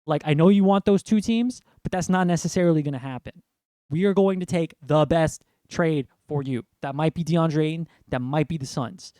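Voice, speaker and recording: A man's voice: on the high side, moderate pace, warm tone, dry recording, studio quality. A young man from New York ranting about basketball trades in a rambling, exasperated way. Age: young adult. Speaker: sports fan vlogger. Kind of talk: ranting sports commentary.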